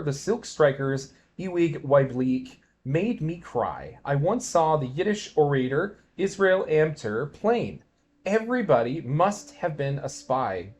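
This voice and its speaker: A man giving a dramatic poetry reading, swinging between quiet musing and loud declamation. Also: fairly high pitch. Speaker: poetry reader.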